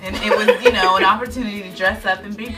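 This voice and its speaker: A woman chatting casually as co-host, animated and chatty. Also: medium pitch, rapid-fire, far from the mic, loud music behind the voice. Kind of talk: casual chat.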